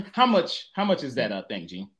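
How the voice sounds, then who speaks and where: A man's voice: medium pitch, huge pitch swings, normal speed. A man co-hosting a podcast, teasing his friends and cracking jokes. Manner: teasing, jokey. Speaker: podcast co-host. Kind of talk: casual chat.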